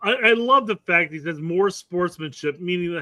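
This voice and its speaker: A man's voice: sits high, expressive, moderate pace, bright, forceful tone. A man co-hosting a soccer podcast, swearing and laughing through casual banter. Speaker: podcast co-host. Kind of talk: casual sports chat.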